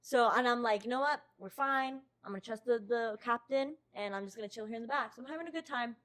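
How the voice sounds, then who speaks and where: Young woman from the us, podcast host, swears a ton, acts out what she said, kinda high voice. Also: fast. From United States. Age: young adult. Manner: lively, swears constantly, acts out her own quotes. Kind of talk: casual storytelling.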